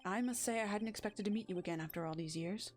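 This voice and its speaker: A woman voicing a cold, formal young male prosecutor in a game, speaking curtly and lowering her voice. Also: fast talker, a little mellow, faint music behind, close to an everyday voice. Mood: cold, stern. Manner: formal, curt, aloof.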